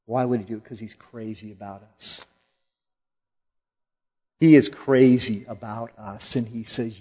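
A man preaching a sermon slowly and emphatically, rising to loud, forceful quoted lines. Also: mid-range voice, fairly even intonation, muffled recording.

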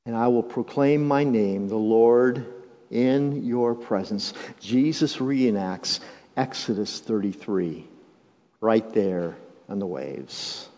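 A male pastor preaching a sermon, swinging from hushed, drawn-out phrases to raised, urgent appeals and calling on the congregation to repeat lines after him. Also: lowish voice. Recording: dull, lo-fi sound with long hall reverb.

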